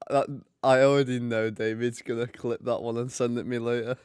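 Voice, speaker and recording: Brief: young male streamer, joking banter, middle pitch, dry unroomy mic. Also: level tone, brisk, darkish tone, clear, resonant tone, dry recording. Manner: chatty, joking. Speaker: streamer hosting a hockey watch party. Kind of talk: casual live commentary and chat.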